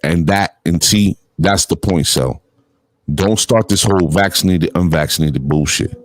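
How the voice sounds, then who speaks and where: Deep-voiced and a little slow, a middle-aged man hosts a casual call-in chat with no room sound. He tells stories in an animated way, laughing often and swearing freely.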